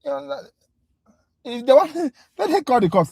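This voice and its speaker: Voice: high-pitched, huge pitch swings, moderate pace, gravelly, mellow. A tutor talking to viewers in a casual livestream review class, ranting with exasperation before moving to the teaching. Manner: exasperated, talkative rant; direct, addresses viewers as guys.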